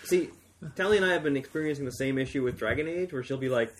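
Male co-host, mid-pitched voice, dry questioning banter. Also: fast, slight background noise. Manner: wry, questioning. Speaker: podcast co-host. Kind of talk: casual chat.

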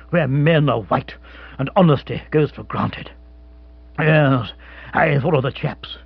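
A man reading an audiobook who voices a crushed but gallant British colonial hunter, talking low and earnestly, often in a mutter. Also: vocal fry, slightly rough, dry recording, full character voice. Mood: ashamed. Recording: dull, dry close recording.

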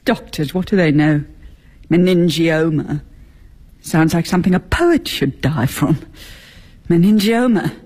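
A woman's voice: fairly low pitch, animated, unhurried, long pauses, darkish tone, slightly rough. An actress playing a bitter, sarcastic middle-aged wife and mother in a radio drama. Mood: bitter, grieving. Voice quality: cutting, sarcastic.

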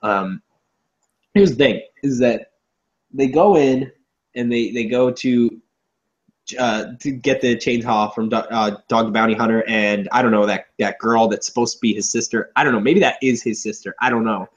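A man co-hosting a casual movie review chat, sarcastic and animated, swearing freely. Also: mid-range voice, normal speed. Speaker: podcast co-host. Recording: dull lo-fi audio.

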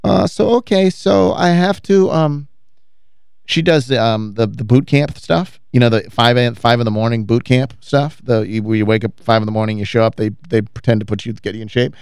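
A man's voice: lowish voice, a little fast, hardly any pauses, clean tone, no room sound, clean studio sound. A man co-hosting a radio show in casual banter, with a sardonic, self-deprecating way of talking.

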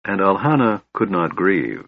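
A man giving scripted fantasy narration as an audiobook narrator, in a steady, measured reading. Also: low voice, dry recording. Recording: dull, lo-fi sound.

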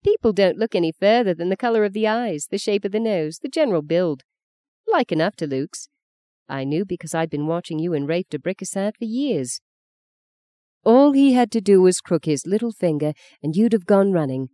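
A woman's voice: lowish voice, animated, normal speed, warm tone, no echo, lightly acted. Woman voicing a grim, ironic older mother. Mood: scornful. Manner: dry, knowing, pointed.

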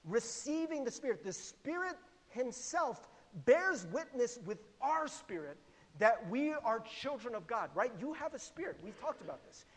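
A middle-aged man preaching a sermon in a conversational, animated way, laughing often and putting questions to the congregation. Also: very high-pitched, measured pace. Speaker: pastor. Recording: long hall reverb.

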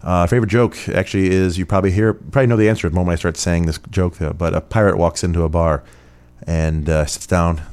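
In a low-pitched voice that's steady, a little mellow, clear, and resonant, a podcast host from Rochester, New York, talks fast while answering listener questions. He chats and rambles with plenty of fillers in this casual Q&A.

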